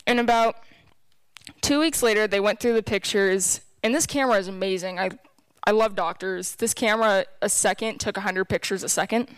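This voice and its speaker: Young woman with a smooth, dry voice. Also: mid-range voice, dry recording. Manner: candid, emotional storytelling. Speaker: speaker giving a personal testimony. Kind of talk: personal testimony to a church group.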